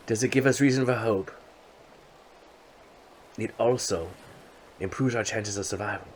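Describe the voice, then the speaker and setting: A man's voice: lowish voice, moderate pace, long pauses, breathy edge, low-quality recording. A man narrating and commenting on his own gameplay in a playful, chatty way with jokey asides. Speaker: game commentator.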